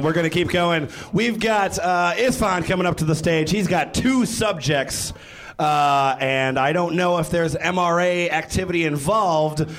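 A man's voice: high-pitched, fairly bright tone. A man hosting a live bar event and calling out to the crowd to introduce readers. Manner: calls out to the crowd. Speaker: event host.

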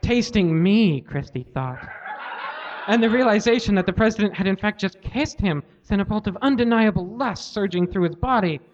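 A man's voice: sits high, animated, moderate pace. Man reading aloud on a lo-fi live tape. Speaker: comedy podcast host reading aloud. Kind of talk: live reading of fan fiction. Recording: lo-fi live recording.

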